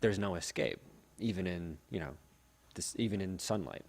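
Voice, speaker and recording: A man with a fairly low voice co-hosts a casual book podcast. He jokes, reacts with animation and drops into silly quoted voices. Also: lively intonation, normal speed, creaky, darkish tone. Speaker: podcast co-host.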